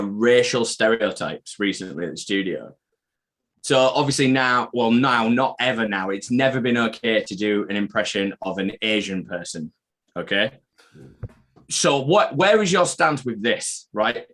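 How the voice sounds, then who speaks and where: A man's voice: on the low side, expressive, a little slow, fairly bright tone. A man co-hosting a podcast live stream, chatting casually, swearing freely and rambling through anecdotes. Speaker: podcast co-host.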